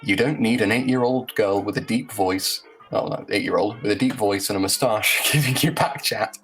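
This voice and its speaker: A man's voice: lowish voice, moderate pace, fairly bright tone, soft background music, poor audio. A man hosting a group video call, reading his blog post aloud with sarcastic, joking asides. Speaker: host.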